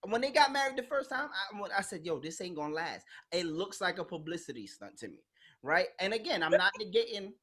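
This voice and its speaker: A woman's voice: fairly low pitch, very animated, brisk, a bit bright. A woman hosting a podcast in casual chat, talking bluntly and animatedly, acting out quoted voices and swearing freely. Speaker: podcast host.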